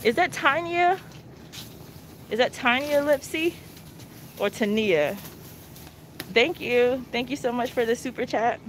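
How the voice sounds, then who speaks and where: A slightly high voice, a somewhat slow pace and long pauses mark this couponing vlogger's live stream. She walks through a discount store holding her phone, chatting with viewers as "y'all" while faint store noise runs underneath.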